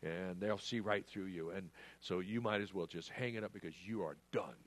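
A man's voice: deep voice, moderate pace, close to an everyday voice. A man voicing a sneering male tempter spirit who mocks and accuses the listener. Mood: scornful. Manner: mocking, scornful.

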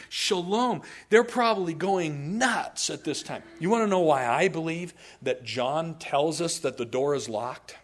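A male pastor delivers a lively sermon, narrating with humor and energy. His voice sits somewhat high for a man, and he often breaks into playful asides. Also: husky. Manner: animated, storytelling, humorous asides.

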